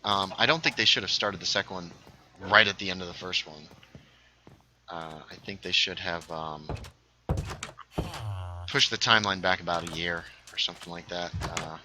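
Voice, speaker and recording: A man's voice: low voice, moderate pace, pauses often, sharp tone, a little hiss or hum, low-quality recording. A young man casually chatting while streaming a game, a little tipsy, rambling with lots of fillers. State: slightly tipsy. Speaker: livestreamer. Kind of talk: casual gaming stream chat.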